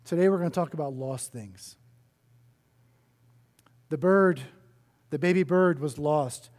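A male pastor preaching a sermon, telling a children's story in an animated way, with chatty asides to his congregation. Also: on the high side, measured pace. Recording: long hall reverb.

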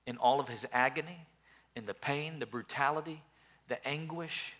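A man's voice: on the high side, bright, forceful tone. A male pastor preaching a sermon earnestly, often repeating words as he builds his points.

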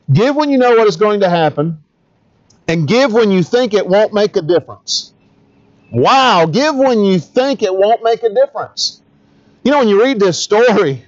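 A man's voice: high-pitched, lo-fi sound. A middle-aged man, a pastor, preaching a conversational sermon, asking the congregation questions and adding humorous asides.

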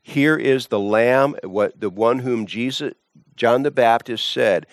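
A man's voice: medium pitch, slow, dry recording. A man teaching from the Bible, emphatic, often repeating words and restarting phrases.

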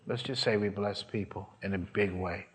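A man's voice: on the low side, steady tone, normal speed. A man preaching, telling a story from his own life and acting out the voices of the people in it. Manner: storytelling, acts out voices, rising to shouts. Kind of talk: sermon testimony.

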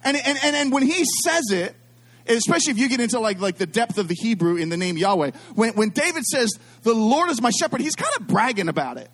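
A middle-aged man preaches a sermon in a notably high voice. He speaks in an animated, repetitive way and keeps calling on the congregation to say lines back with him. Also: fast. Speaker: pastor.

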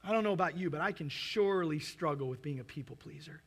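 A man in his forties preaching with lively, playful energy. His voice sits high for a man and rings bright and forceful. He slips into acted-out asides and jokes as he goes. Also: fast. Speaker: pastor. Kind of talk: sermon.

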